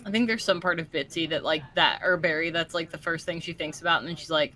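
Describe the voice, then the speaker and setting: A woman's voice: on the low side, steady tone, quick pace, pushed and bright, slight background noise. A woman playing a tabletop game, chatty and joking. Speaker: player. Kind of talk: casual tabletop play.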